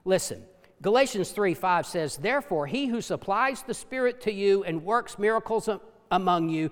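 High-voiced guy preaching, swings all over, drops quiet for emphasis, echoey hall. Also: lively intonation, moderate pace. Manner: impassioned preaching, drops to low hushed tones for emphasis. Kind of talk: sermon. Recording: long hall reverb.

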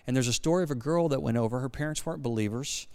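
Middle-aged guy preaching, chatty, keeps asking the crowd stuff, smooth clear voice. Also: mid-range voice, very fast, dark tone. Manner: conversational, asks the congregation questions. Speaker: guest preacher. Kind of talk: sermon.

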